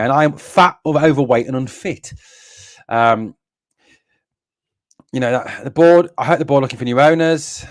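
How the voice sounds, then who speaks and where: A man's voice: medium pitch, moderate pace, long pauses, dry recording. Blunt, exasperated man ranting on a stream. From northeast England. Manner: blunt and exasperated, swears, repeats himself; reads out viewer comments. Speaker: fan channel host. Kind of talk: live stream fan rant.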